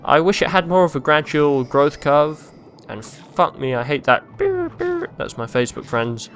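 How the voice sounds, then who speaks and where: A young man commentating a video game he is playing, rambling and crude, mocking himself and breaking into silly yells. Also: on the high side, moderate pace, soft background music. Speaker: let's play host.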